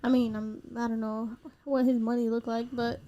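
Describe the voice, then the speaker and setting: High-voiced young woman, teasing. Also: little pitch movement, moderate pace, warm tone. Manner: teasing, backchannels a lot. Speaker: podcast co-host. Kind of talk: casual chat.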